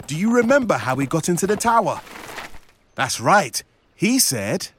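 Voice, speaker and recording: Animated male storyteller for children. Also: high-pitched, normal speed, breathy edge. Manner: animated, speaks to young listeners.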